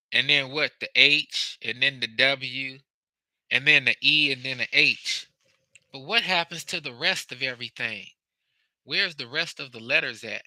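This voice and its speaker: Slow, bright-voiced man teaching. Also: mid-range voice, dry recording, poor audio. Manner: slow, deliberate, demonstrative with vocal inflections. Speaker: host. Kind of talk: casual teaching talk.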